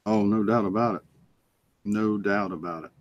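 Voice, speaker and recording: A man's voice: lowish voice, steady tone, normal speed, no echo, highs cut off. A man from North Carolina with a Southern American accent, hosting a casual live stream chat in a folksy, drawling way. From North Carolina, USA. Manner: folksy, drawling, greets viewers.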